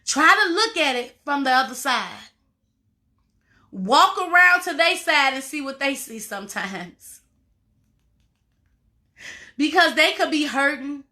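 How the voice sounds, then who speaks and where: A woman's voice: high-pitched, expressive, slow, pauses often, bright, forceful tone. A woman life coach giving a motivational talk to viewers, emphatic and informal, repeating her phrases and calling listeners y'all and baby.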